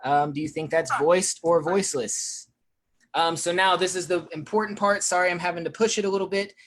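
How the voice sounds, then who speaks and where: Hurried presenter full of ums. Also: mid-range voice, fairly even intonation. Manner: rushed, with frequent fillers. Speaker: featured speaker. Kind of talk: presentation on accents.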